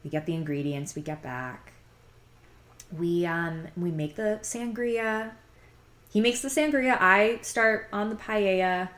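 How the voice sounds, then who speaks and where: A young woman with a slightly low voice tells a personal story in a loose, confessional way. Her talk runs on with "like" fillers and small sighs, frank and conversational. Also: measured pace, fairly bright tone. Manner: chatty, heavy use of "like" fillers; frank and confiding, sighs between thoughts. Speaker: podcast host telling her own story.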